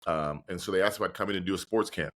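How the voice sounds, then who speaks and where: A man's voice: low voice, very fast, fairly bright tone. A man speaking earnestly and reflectively as a podcast guest and motivational speaker. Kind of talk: conversational interview.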